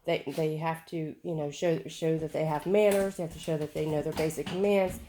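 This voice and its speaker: A woman's voice: low-pitched, steady tone, fairly quick, warm tone, slight background noise. A woman dog trainer chatting casually at home among her dogs, rambling in a folksy way and talking fondly to her pets.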